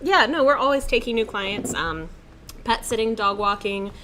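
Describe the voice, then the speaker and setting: A woman's voice: on the high side, expressive, moderate pace, bright, forceful tone, a little hiss or hum. Chatty enthusiastic woman guest. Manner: chatty, enthusiastic, self-described dog training nerd. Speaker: guest, pet care business owner. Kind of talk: casual chat.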